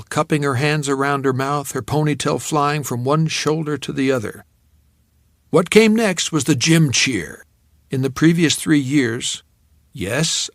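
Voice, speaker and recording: Male narrator, fairly high voice, dry close studio sound, measured first-person storytelling. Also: no echo. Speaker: audiobook narrator.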